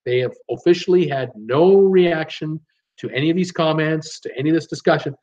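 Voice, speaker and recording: A man's voice: a little high, fairly quick, darkish tone, muffled recording. A man hosting a live stream, casually reading out viewer names and comments and stumbling over some of them. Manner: casual, chatty, laughs easily. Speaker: host reading live chat.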